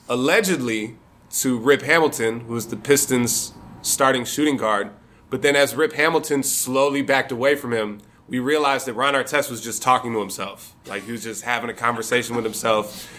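Man from Michigan, live storyteller, bright edgy voice, loose and amused, swears freely. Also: medium pitch. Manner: conversational, profane, amused.

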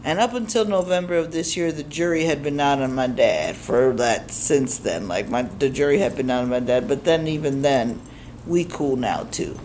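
Profane, animated woman storyteller. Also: extremely low pitch, normal speed, a little hiss or hum. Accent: Chicago. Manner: profane, animated, acts out quoted voices. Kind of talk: live storytelling on stage. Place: stage before a live audience.

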